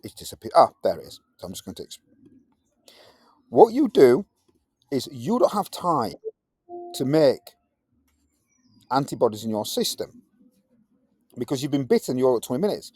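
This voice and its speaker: A man teaching a science lesson in a playful way, jumping into high, silly voices to act things out. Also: sing-song, moderate pace, long pauses, a little mellow, slightly rough, no room sound, studio quality. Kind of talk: classroom lesson.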